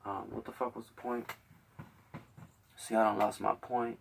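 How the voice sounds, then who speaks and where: A man's voice: lowish voice, little pitch movement, a little slow, creaky, fairly bright tone, far from the mic, slight background noise. A young man hosting a show, telling a heated, profane story full of acted-out quotes. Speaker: podcast host.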